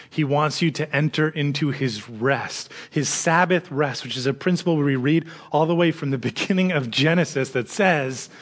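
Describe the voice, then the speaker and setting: Animated man preaching a sermon. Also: fairly high pitch. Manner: animated, swinging between quiet reflection and lively emphasis; conversational storytelling. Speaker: pastor.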